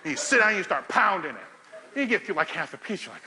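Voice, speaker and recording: A middle-aged man speaks to a live room in a bright, forceful voice, storytelling with plenty of swearing and chuckles. He talks with animated energy. Faint background noise sits under the talk. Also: a little high, quick pace, low-quality recording. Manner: profane, laughing storyteller, animated. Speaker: powerlifting coach giving a talk.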